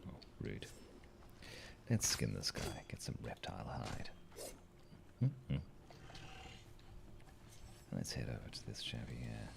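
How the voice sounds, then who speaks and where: A man's voice: extremely low pitch, takes it slowly, creaky, pauses often, background noise. A man chatting playfully through a game as a let's-play host, joking with the creatures on screen. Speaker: gaming channel host.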